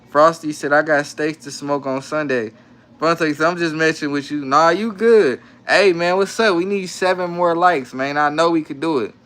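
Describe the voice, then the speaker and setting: A man's voice: fairly high pitch, a bit bright. A young adult man casually chatting on a live stream from home, reading comments aloud with laid-back, slangy banter and frequent laughs. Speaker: livestream host. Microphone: phone.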